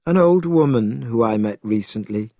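A man voicing a calm, gentle priest in a storybook reading, measured and steady. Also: mid-range voice, dry recording, studio quality, lightly acted. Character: patient, gentle male priest, calm and stern.

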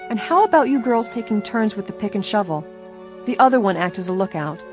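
A cool-headed young girl detective gives steady, confident directions, as a woman reader puts her on. Her voice sits a little above the reader's own, even and assured. Soft music lies under the storybook reading. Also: mid-range voice, fairly quick, voice pushed up, lightly acted. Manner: calm, confident.

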